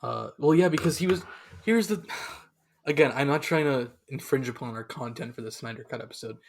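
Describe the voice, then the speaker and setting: A man's voice: medium pitch, fairly quick. A young man co-hosting a podcast in casual chat, rambling with lots of fillers and restarts. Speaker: podcast co-host.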